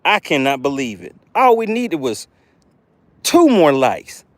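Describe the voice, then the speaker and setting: A man hosting a live fishing stream, exclaiming excitedly as he shows off his catch. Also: on the high side, measured pace, dry recording. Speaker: fishing livestream host.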